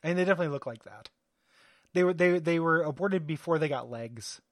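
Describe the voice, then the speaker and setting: A man's voice: on the high side, fast, no echo. A man co-hosting a podcast in casual chat, hesitant and full of fillers, laughing easily. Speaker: podcast co-host.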